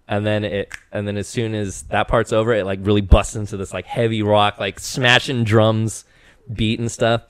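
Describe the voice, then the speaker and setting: A man in his thirties, a podcast guest in casual chat, telling stories with growing excitement and bursting into shouted quotes. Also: on the low side, normal speed, clear, resonant tone, dry recording.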